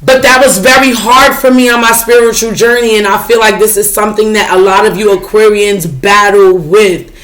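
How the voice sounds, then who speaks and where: A woman with a mid-range, slightly bright voice speaks at a moderate pace with fairly even intonation and barely any pauses. In casual spiritual chat with her viewers, this tarot reader is talkative and outspoken, swears freely, and often asks, "you know what I'm saying?"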